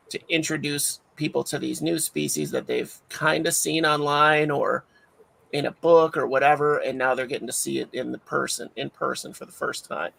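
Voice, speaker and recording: A man's voice: fairly high pitch, sharp tone, low-quality recording. A man hosting a livestream, chatting casually and rambling with many fillers. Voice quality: gravelly, raspy voice. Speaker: livestream host. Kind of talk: casual chat.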